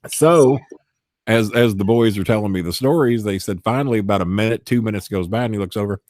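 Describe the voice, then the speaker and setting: A man's voice: lowish voice, fairly quick, darkish tone, no echo, clean studio sound. A man telling a profane backstage story in casual chat, acting out the people he quotes in shifting voices. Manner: acts out quotes in shifting voices, swears often. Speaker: storyteller guest.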